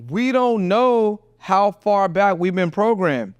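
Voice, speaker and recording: A man hosting a podcast in casual, slangy, animated chat, often repeating himself. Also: high voice, slow, clean tone, dry recording. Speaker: podcast host.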